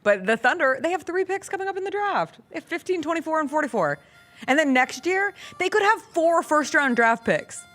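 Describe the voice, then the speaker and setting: A woman's voice: sits high, big pitch swings, brisk, fairly bright tone, faint music behind. A woman hosting a sports talk show, chatting energetically with a co-host.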